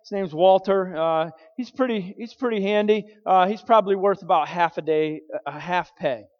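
A man voicing his stubborn, gruff great-grandfather, a carpenter, in a blunt and insistent way while telling a story. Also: high-pitched, moderate pace, pitched above the performer's own voice, natural voice. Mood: matter-of-fact. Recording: dull sound with long hall reverb.

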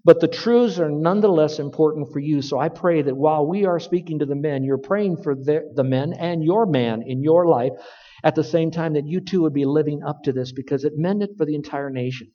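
Emphatic preacher in a reverberant hall. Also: male voice, fairly high pitch. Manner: emphatic, slows down to stress key words. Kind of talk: sermon. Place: room with stage lights and sound equipment. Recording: dull, lo-fi audio with long hall reverb.

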